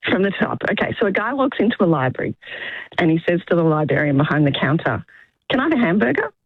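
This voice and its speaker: A cheerful woman calls a radio show from her car to tell a joke. Her voice is a bit husky and comes through a dull, crackly phone line. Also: low-pitched, expressive, quick pace, no room sound. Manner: cheerful, chatty. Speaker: caller. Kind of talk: telling a joke on a call-in show.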